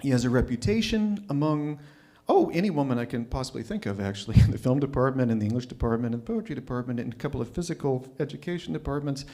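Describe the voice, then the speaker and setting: A man's voice: mid-range voice, fast, dark tone. A man telling a personal story at a live storytelling night, wry and self-mocking.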